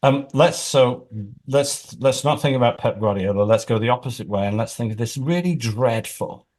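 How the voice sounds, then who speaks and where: A man who works as an executive coach, explaining his points through lively examples and scenarios. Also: medium pitch, moderate pace. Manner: animated storyteller.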